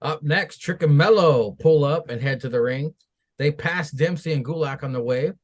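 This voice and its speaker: A man's voice: on the high side, moderate pace. A man co-hosting a wrestling podcast, recapping the events and cursing as he jokes about them. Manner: recaps events, then swears and laughs at them. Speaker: podcast co-host. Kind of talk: reading and joking through a wrestling recap.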